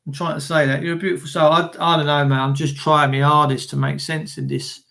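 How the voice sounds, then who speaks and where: An Englishman with a high-pitched voice rants angrily on a live stream, swearing and stammering as he goes. He stumbles over his words and reads viewers' comments aloud between tirades. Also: flat delivery, brisk, creaky, bright, forceful tone. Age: adult with children. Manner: angry, profane, stammering rant. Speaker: livestreamer reading chat.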